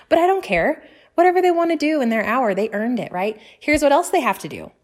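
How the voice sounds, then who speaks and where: Chatty mom hosting a podcast. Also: female voice, high voice, big pitch swings, normal speed. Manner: enthusiastic, chatty, faith-filled encouragement. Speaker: podcast host and mother. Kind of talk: casual podcast monologue.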